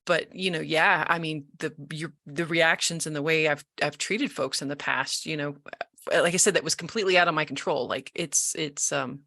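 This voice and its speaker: Lively, bright-voiced woman telling her story. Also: low-pitched, moderate pace, dry recording. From Colorado. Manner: animated storytelling, acts out quoted voices, frequent restarts. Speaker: guest. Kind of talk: casual interview conversation.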